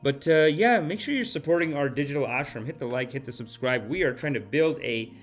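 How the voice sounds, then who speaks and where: Male podcast host, mid pitch, animated comic rambler, mock-guru flourishes, faint music under the voice. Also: fairly quick. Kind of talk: comedic podcast monologue.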